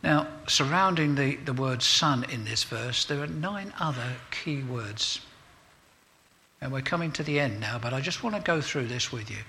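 A man's voice: expressive, moderate pace, bright, forceful tone, a little hiss or hum. A man preaching a sermon as pastor, stressing key words with rising emphasis and repeating points, then leading a closing prayer. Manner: emphatic, rises in pitch to stress key phrases; repeats points for emphasis and prays aloud to close. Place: church service.

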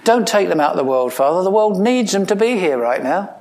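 Animated and brisk, a male pastor gives a conversational sermon full of questions for his listeners, dry humor, and sudden bursts of emphasis. He swings from emphatic rising lines to quiet, low asides.

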